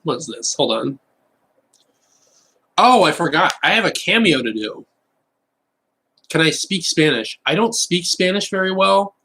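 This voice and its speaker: A Californian man chatting and joking with his live-stream audience, animated and quick to go off on rapid rants. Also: a little high, slight background noise, low-quality recording. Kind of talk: casual live-stream chat.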